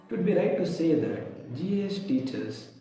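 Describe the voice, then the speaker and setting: A man giving a prepared, measured testimonial as a parent. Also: a little high, very animated. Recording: echoey hall, distant mic, music behind.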